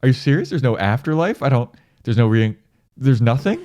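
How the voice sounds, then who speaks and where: A man's voice: animated, fairly quick, warm tone, natural voice. A man voicing a panicked young man who pleads and refuses to give up. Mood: pleading. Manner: high, pleading, frantic.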